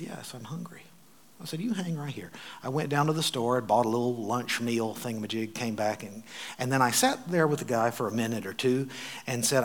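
An American man telling travel stories in a sermon, animated and wry, with dry asides. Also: mid-range voice. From United States. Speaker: preacher. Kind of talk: sermon storytelling.

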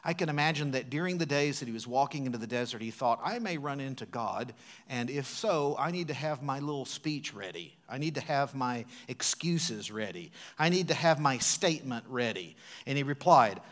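Preaching man, booming then hushed. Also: expressive, normal speed. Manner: dramatic, sweeping swings from loud to hushed. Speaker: pastor. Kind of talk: sermon. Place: church sanctuary.

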